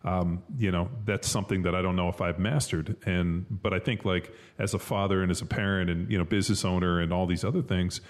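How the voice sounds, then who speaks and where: With a deep, steady voice and hardly any pauses, this podcast co-host, once a football player, talks fairly quickly. The chat is casual and loose, full of swearing and filler words.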